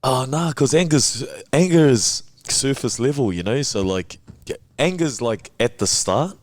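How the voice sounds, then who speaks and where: A man guest on a casual podcast, laid-back and reflective, laughing often and slowing down on key words. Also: mid-range voice, expressive, a little mellow, no echo. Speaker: podcast guest, men's work facilitator.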